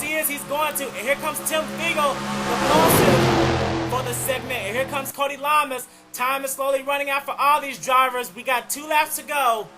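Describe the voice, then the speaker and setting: A young man doing excited play-by-play commentary on a race, repeating "oh man" and running out of breath. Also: very high-pitched. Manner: excitable, keeps saying "oh man".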